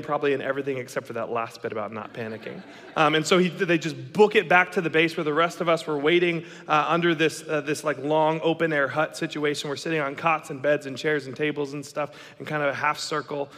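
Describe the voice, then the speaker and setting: A man in his thirties tells a story with animated, dramatic energy, acting out each quote. His voice sits a little high and comes across bright and forceful. A long hall reverb trails behind every line. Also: a little fast. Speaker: speaker telling a story. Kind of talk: storytelling talk.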